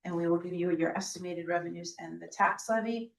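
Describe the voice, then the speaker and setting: A slightly hoarse woman, a school district official, presenting a budget in measured, explanatory speech with frequent ums. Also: lowish voice, fairly even intonation. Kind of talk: budget presentation at a public meeting. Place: school board meeting room. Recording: roomy meeting room, from a distance.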